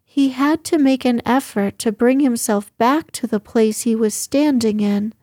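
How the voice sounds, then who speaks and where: A woman reading a classic novel aloud in a calm, measured voice that turns softly whispered in places. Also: on the high side, no echo, clean studio sound. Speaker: reader. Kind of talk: storybook read-aloud.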